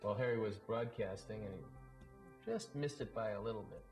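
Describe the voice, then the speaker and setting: A man recounts old stories from his broadcasting days in an easy, anecdotal way. His voice is low and unhurried. Faint guitar music plays softly behind him. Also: poor audio. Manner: relaxed raconteur, briefly mimics others in quotes. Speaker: former baseball broadcaster. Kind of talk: anecdotal storytelling.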